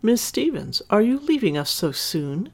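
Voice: medium pitch, sing-song, unhurried, voice pushed up. A storyteller voicing a courteous male hotel clerk, eager to please.

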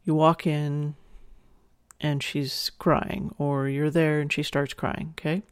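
A woman's voice: low-pitched, darkish tone, no echo, studio quality. A woman in her forties hosting a solo podcast, talking frankly and chattily as she gives instructions. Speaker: podcast host. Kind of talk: candid solo podcast talk.

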